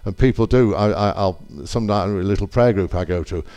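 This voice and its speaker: A man's voice: on the low side, a little fast, dark tone, clean tone. An older man giving a rambling church testimony, full of anecdotes and self-corrections.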